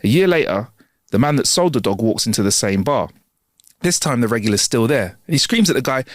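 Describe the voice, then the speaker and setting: A man's voice: mid-range voice, brisk, no room sound, clean studio sound. A man co-hosting a comedy podcast, reading jokes aloud with playful character voices and plenty of laughter. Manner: reads jokes with lively put-on character voices, laughs a lot. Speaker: podcast co-host.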